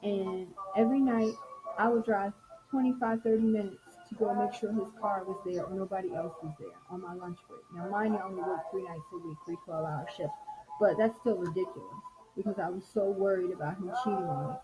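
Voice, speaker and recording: A middle-aged woman sharing a personal story in a soft-spoken, reflective way. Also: medium pitch, steady tone, fairly quick, low-quality recording. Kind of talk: personal testimony talk. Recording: music playing clearly behind.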